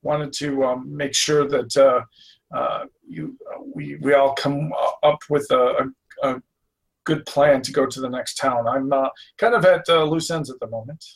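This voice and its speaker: Male tabletop player, slightly husky voice, hesitant and stammering in character. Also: medium pitch, fairly even intonation, moderate pace.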